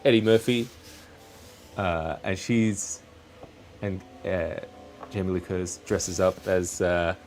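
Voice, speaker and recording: A man's voice: low voice, steady tone, takes it slowly, long pauses, a little mellow, a little hiss or hum. A man hosting a casual live stream while crafting, chatting in a rambling, self-correcting way. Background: faint background music.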